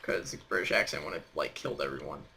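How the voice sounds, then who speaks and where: A man's voice: extremely low pitch, fast, vocal fry, sharp tone, a little hiss or hum. A young man hosting a casual chat on a voice call, rambling and teasing with lots of fillers. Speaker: host.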